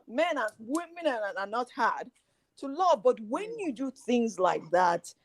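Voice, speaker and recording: A middle-aged woman, a guest on a relationship talk show, telling lively stories and acting out bits of dialogue. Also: a little high, measured pace. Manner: animated storytelling, acting out quoted dialogue. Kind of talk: casual chat.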